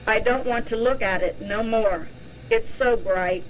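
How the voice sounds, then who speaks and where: A woman's voice: a little high, unhurried, highs cut off, a little hiss or hum, lightly acted. A woman reading as a terrified woman under hypnosis. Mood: frightened pleading. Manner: sobbing, pleading, frantic. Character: terrified woman reliving a night drive.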